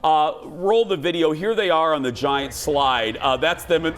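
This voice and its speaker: A man's voice: fairly high pitch, normal speed, hardly any pauses, heavy background noise. A male talk show host in his forties, from Minnesota, chatting casually and laughing often. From Minnesota, USA. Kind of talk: casual chat.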